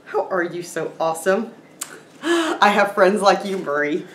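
A woman chatting to her viewers in an excited, gushing way, laughing often and sounding a little teary. Her voice is of middling pitch for a woman. The room is echoey, with a faint hum of ambience behind her. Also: takes it slowly, long pauses. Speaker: vlogger. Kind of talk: casual vlog chat. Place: room at home with a noisy chair.

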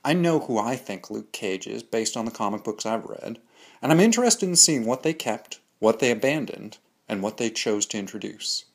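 Hosting a comics analysis show, a man with a lowish, slightly rough voice, lively intonation and moderate pace delivers a scripted monologue of candid, opinionated reviews laced with dry jokes.

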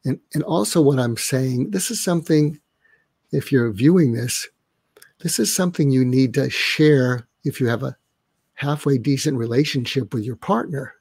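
An older man with a gravelly, slightly husky voice, heard close and dry. He speaks as a psychiatrist on a live online show. He walks through his ideas and acts out little dialogues to show them. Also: medium pitch, normal speed, a little mellow, no echo. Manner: role-plays inner dialogue to illustrate. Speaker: psychiatrist guest. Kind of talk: conversational interview. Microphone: online live stream.

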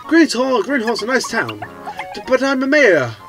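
A puffed-up small-town mayor, as a man reads him out greeting adventurers with mock formality. The voice sits on the high side and rises and falls a lot, full of self-importance. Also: huge pitch swings, measured pace, over music, full character voice. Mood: pompous. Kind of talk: playful game voicing.

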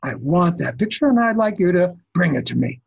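A blunt older boss with a gangster's way of talking, as a man puts him on in a story. The voice is husky and slightly high, with short, commanding lines. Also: sing-song, brisk, dull audio, heavily acted. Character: gruff older male executive, talks like a gangster.

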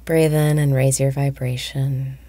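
A woman guiding a meditation, speaking slowly and softly, often breathy and whispered. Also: very deep voice, level tone. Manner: slow, soft-spoken, often breathy and whispered. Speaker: meditation guide. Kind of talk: guided meditation.

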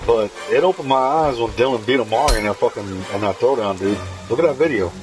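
Male gaming streamer, mid-pitched, excitable and profane play-by-play, game music underneath. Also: fast, low-quality recording. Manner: excitable, profane, hyping a fellow player. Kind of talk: casual gameplay commentary.

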